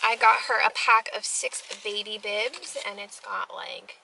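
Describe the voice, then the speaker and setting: A woman's voice: mid-range voice, fairly even intonation, unhurried, creaky, noisy background. A young woman telling a heartfelt story in a casual family vlog, rambling with many fillers. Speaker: family vlogger.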